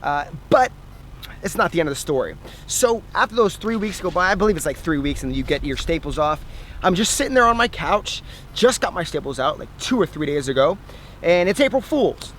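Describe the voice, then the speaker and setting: A young man telling a personal story to camera in a casual, animated way, laughing at himself now and then. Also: high-pitched, brisk. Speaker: fitness vlogger. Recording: faint outdoor noise.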